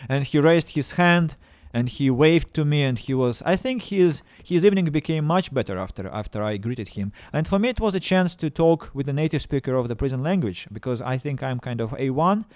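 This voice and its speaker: Halting man streaming a game. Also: mid-range voice, animated, a little mellow, no room sound. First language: Russian. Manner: halting, stammering restarts, playful self-mocking. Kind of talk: casual game-stream chat.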